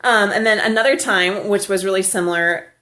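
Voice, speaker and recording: A woman's voice: mid-range voice, fairly quick, bright, forceful tone. Chatty woman telling funny stories. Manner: chatty, laughs often. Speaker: vlogger. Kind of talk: casual storytelling. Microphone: handheld camera.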